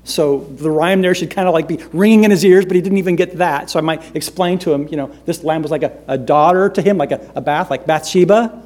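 A male preacher giving a sermon, swinging between loud emphatic lines and hushed, quiet ones. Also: on the high side, brisk, few pauses.

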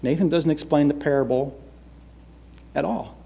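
High-voiced dramatic male preacher. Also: moderate pace, vocal fry, slightly rough. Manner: dramatic, shifts between loud emphasis and hushed delivery. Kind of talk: sermon.

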